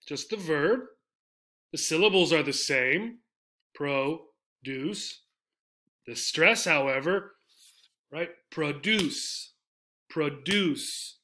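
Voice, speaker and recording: A man teaching English pronunciation, saying example words slowly and repeating them with heavy stress. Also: fairly high pitch, sharp tone. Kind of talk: slow, deliberate teaching.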